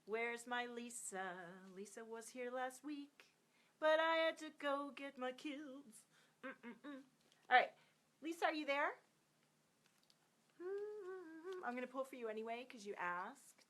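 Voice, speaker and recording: A woman in her thirties hosting a live stream of card readings. She chats warmly with viewers, sings out their names and drops into soft near-whispers. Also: high voice, unhurried.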